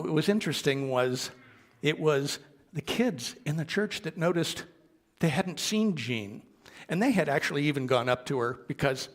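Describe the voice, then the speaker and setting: A minister telling a gentle anecdote in a sermon, quoting the people he met along the way. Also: on the high side, creaky, slightly rough. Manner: gentle anecdotal storytelling with quoted dialogue. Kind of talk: storytelling sermon.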